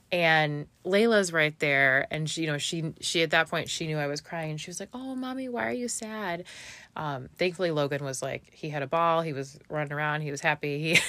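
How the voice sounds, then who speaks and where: A woman's voice: deep voice, bright, forceful tone, no echo. A woman in her thirties, a mother, telling a heartfelt personal story in a chatty way, with many fillers and restarts. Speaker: vlogger, mother.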